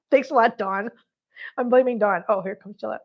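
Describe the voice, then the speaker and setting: A chatty woman hosting a casual home livestream, her voice a little high. She laughs easily and slips into cooing baby talk. The sound is dull and lo-fi. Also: normal speed. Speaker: cat channel host. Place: home, on the floor.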